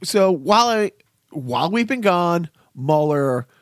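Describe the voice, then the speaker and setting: A man's voice: high-pitched, sing-song, a little slow, no echo, studio quality. A man in his fifties hosting a casual chat, telling rambling stories and laughing often. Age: 50s. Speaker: podcast host.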